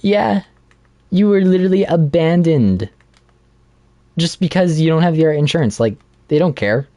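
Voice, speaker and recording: A man co-hosting a casual podcast, chatting while playing a game and retelling a plot with animated laughter. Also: on the high side, moderate pace, no echo. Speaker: podcast co-host.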